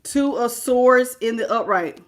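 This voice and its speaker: A woman's voice: on the high side, animated, a little slow. A woman giving a casual live-stream tarot reading, chatty and emphatic, often laughing and greeting viewers by name. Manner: emphatic, repeats key phrases. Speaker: tarot reader.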